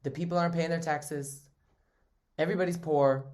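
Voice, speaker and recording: A man's voice: a little high, steady tone, a little fast, a little mellow. A man co-hosting a podcast, recapping a TV drama in loose casual chat with crude jokes and frequent laughter. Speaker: podcast co-host.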